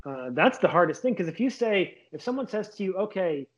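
Comedian guy chatting in an interview, kinda high voice, dull lo-fi audio. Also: sing-song, a little fast. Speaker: comedian guest. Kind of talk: casual interview chat. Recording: dull lo-fi sound.

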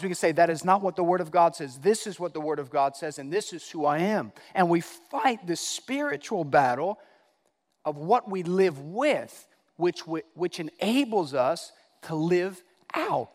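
High-voiced male pastor preaching in a hall. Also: animated, measured pace. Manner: emphatic, repeats key phrases, swings from loud to hushed. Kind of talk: sermon.

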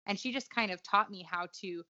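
A woman's voice: medium pitch, a little fast, bright, forceful tone, dry recording, highs cut off. A woman talking earnestly and reflectively in an interview, with frequent fillers and restarts. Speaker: guest author. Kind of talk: conversational interview.

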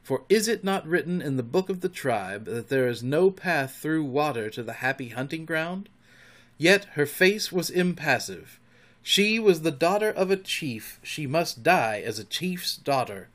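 A man reading a storybook aloud in an expressive, dramatic way. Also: a little high, unhurried. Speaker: narrator.

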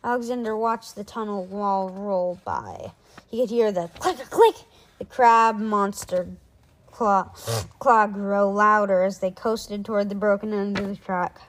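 A woman reading a children's chapter book aloud in a lively way, doing voices for the characters. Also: medium pitch, a little slow, rough recording. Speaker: reader.

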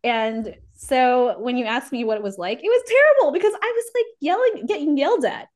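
A woman's voice: high-pitched, fairly quick. A woman guest on a podcast telling her life story in casual conversation, acting out the voices of people she remembers and laughing often. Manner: lively, acts out remembered dialogue; laughs often mid-sentence.

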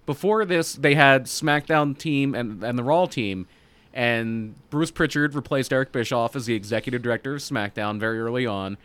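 A man's voice: medium pitch, normal speed, a bit bright, clear, resonant tone. A man co-hosting a casual podcast, explaining backstage rumors at length in an informed way. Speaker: podcast co-host reading wrestling news.

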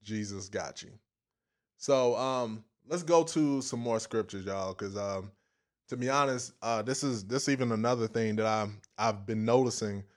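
A man's voice: lowish voice, unhurried. A man preaching a casual, folksy sermon, repeating phrases and stopping now and then to chuckle.

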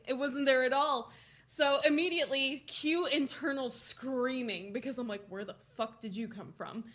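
A young woman co-hosting a casual podcast, telling a story with lively, profane energy. Her voice sits a little high and sounds bright and sharp. She acts out the other people in her story as she goes. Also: normal speed. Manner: animated, swearing, laughing storyteller. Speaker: podcast co-host.

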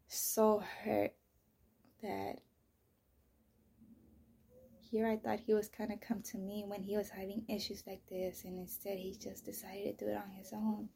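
A woman telling a raw personal story as a mother, swinging between loud outbursts and near-whispers. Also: medium pitch, little pitch movement, measured pace, gravelly, long pauses, slightly rough. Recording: voice message.

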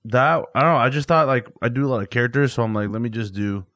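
A man's voice: mid-range voice, quick pace, a bit bright, dry recording, studio quality. A young man, a comedian guest on a podcast, talking casually with plenty of fillers and self-deprecating rambles. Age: young adult. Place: podcast studio.

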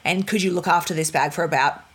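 Speaking quickly in a lowish, breathy-edged voice, a young female vlogger shares animated stories to camera. She laughs a lot and performs the characters' voices. A laptop mic catches it all, with the fan humming in the background.

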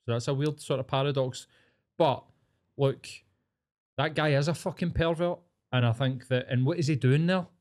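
A man's voice: mid-range voice, moderate pace, darkish tone. A Scottish man co-hosting a podcast, chatting casually, blunt and full of swearing, working himself up into rants. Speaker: podcast co-host.

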